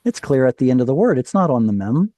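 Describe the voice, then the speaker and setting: A man with a mellow, warm tone leads an online class over a video call. He explains step by step, puts questions to his students and corrects himself as he goes. His voice is close and dry. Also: mid-range voice, very animated, fast, no room sound. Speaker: Hebrew teacher.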